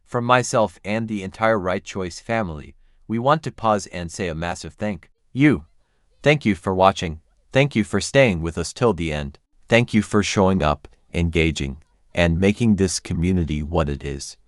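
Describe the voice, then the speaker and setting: A man's voice: low voice, dry recording, studio quality. A man reading a scripted outro for the channel, earnestly thanking viewers.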